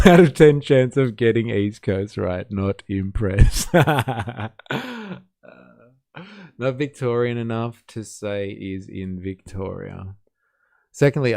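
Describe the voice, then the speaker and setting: A man's voice: on the low side, gravelly, mellow, no room sound, studio quality. A man with a Western Sydney accent hosting a live stream, chatting casually with a sarcastic, teasing edge and frequent swearing. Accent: Western Sydney Australian. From Australia. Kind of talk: casual reaction stream chat.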